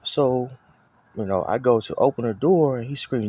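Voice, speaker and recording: A man's voice: medium pitch, normal speed, warm tone, husky, no room sound. A man giving a casual personal testimony, rambling and profane, with lots of filler phrases. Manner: rambling, profane, full of "you know what I'm saying".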